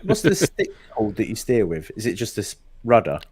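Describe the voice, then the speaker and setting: A man's voice: lowish voice, sing-song, a little fast, a little mellow. Easygoing man, laughs a lot. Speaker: podcast co-host. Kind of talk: casual chat.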